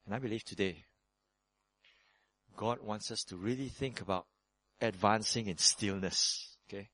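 A man preaching a sermon as pastor, acting out prayers in quick shifts of voice. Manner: lively preaching, acts out prayers in sudden higher voices.

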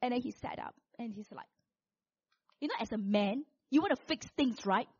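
A woman's voice: on the high side, normal speed, breathy edge. Dull-sounding woman preaching a testimony. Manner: animated storytelling, acting out quotes with big swings in volume. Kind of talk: sermon with personal testimony.

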